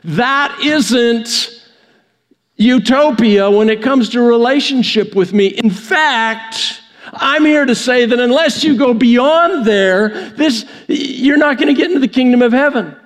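A man's voice: extremely high pitch, slow. A man preaching a conversational sermon in a church, often restarting his phrases. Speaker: pastor. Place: church sanctuary. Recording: long church reverb.

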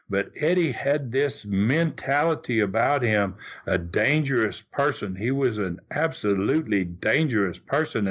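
Halting, lively-pitched older man storyteller. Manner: halting, repeats words while recounting. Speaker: guest, former wrestler. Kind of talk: storytelling in an interview.

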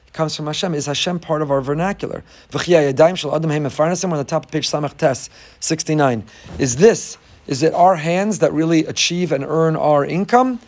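Animated rabbi teaching a class. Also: male voice, normal speed. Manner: animated storyteller, rising high when acting out others. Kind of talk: Torah class lecture.

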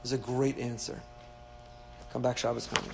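A man's voice: mid-range voice, little pitch movement, moderate pace, vocal fry. A man teaching a Torah class, asking rhetorical questions and dropping dry asides. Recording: echoey hall with faint hum.

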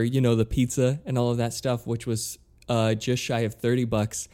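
A man with a mellow, darker tone tells a frustrating story in a loose, chatty way. He swears freely and acts out the back-and-forth of each exchange. His pitch sits in a middle range. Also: normal speed, hardly any pauses. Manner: animated, exasperated, swears a lot, acts out both sides of calls. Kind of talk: casual storytelling chat.

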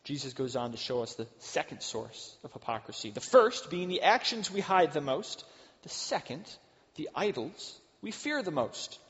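A middle-aged man giving a sermon as a pastor, earnest, rising to loud emphasis and dropping to hushed asides. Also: a little high, big pitch swings, moderate pace. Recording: dull sound with long hall reverb.

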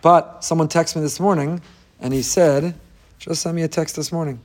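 A man's voice: on the high side, steady tone, normal speed. A man giving an impassioned daily religious talk as a rabbi, emphatic and repeating phrases for stress, with Hebrew and Yiddish terms in his English.

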